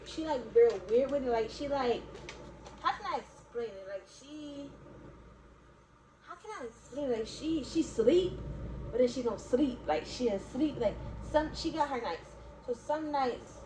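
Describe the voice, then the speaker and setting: A woman's voice: high-pitched, lively intonation, unhurried. Chatty young woman vlogger, echoey room. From Baltimore, USA. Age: young adult. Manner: rambling, full of "like" and "y'all", laughs often. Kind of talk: casual chat to viewers. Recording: echoey room, faint background noise.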